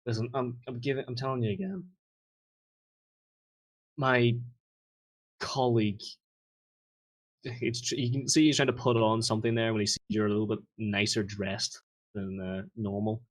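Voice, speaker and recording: A man voicing a nervous male thug in a dark alley, evasive and full of swearing. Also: mid-range voice, steady tone, normal speed, pauses often, close to an everyday voice.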